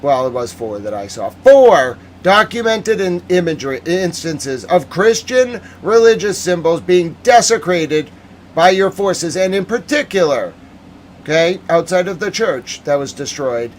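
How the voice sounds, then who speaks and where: A man's voice: on the high side, expressive, normal speed, a little hiss or hum. A man hosting a live-stream news recap, ranting with heated emotion and answering viewer chat. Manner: reads viewer chat aloud. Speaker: host.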